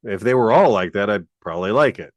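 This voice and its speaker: A man's voice: fairly low pitch, animated, fast talker, no echo. A man co-hosting a podcast, ranting bluntly and with plenty of profanity in a casual chat. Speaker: podcast co-host.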